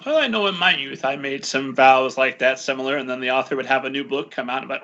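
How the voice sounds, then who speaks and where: A man's voice: medium pitch, fast talker, few pauses, pushed and bright. A man hosting a podcast interview, asking chatty, eager questions in casual conversation over muffled lo-fi audio. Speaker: podcast host.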